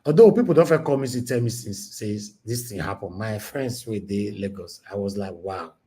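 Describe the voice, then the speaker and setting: A man's voice: fairly low pitch, moderate pace. Nigerian man reacting to news headlines. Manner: animated, switches between Pidgin and English, exclaims "Eh?". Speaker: news commentary host. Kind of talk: casual news reaction livestream.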